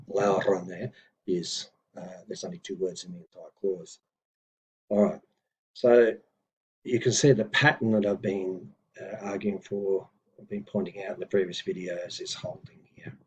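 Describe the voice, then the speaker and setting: Man, teacher explaining grammar, very husky raspy voice, lowish pitch, relaxed pace, lots of fillers, close mic. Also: highs cut off. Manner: unhurried, explanatory, with frequent fillers and self-corrections. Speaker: teacher of Old English. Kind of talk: informal recorded lesson, reading and explaining text.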